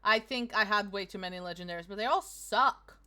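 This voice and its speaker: A woman's voice: medium pitch, brisk, pushed and bright, faint music behind. A woman streaming a video game, chatting casually and swearing often. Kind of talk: casual gaming stream chat.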